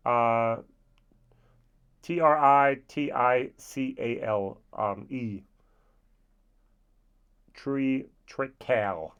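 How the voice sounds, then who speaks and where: A man's voice: medium pitch, a bit bright, clean tone. Chatty European man reviewing whiskey. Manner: chatty, with playful asides. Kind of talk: casual spoken review.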